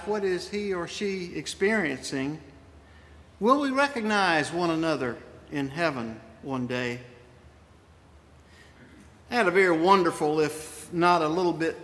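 A man's voice: a little high, bright, forceful tone. A middle-aged male pastor preaching a sermon in a folksy storytelling way, with asides to his congregation. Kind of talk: sermon with personal stories. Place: church sanctuary. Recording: long reverb of a large church.

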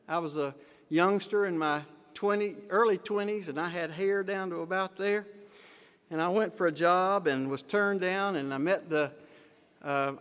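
Older guy preaching, folksy funny storyteller, high-ish voice, big echoey church hall. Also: clear, resonant tone. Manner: folksy, gently humorous storytelling. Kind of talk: sermon with personal stories. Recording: long reverb of a large hall.

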